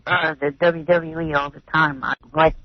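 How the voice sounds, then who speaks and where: A man phoning in to a radio show, talking in a hesitant, halting way full of fillers. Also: on the high side, fairly even intonation, no room sound, highs cut off. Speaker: caller. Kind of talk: phone-in call.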